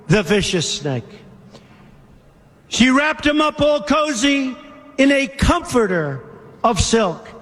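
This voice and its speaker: A man reading a poem aloud to a crowd, slow and emphatic with long pauses. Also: very high-pitched, a bit bright, in a large hall.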